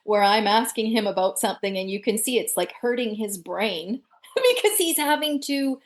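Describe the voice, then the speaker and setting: Lively, fairly high-voiced woman guest. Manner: lively, laughs often, quick bursts. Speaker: podcast guest. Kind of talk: animated storytelling in conversation.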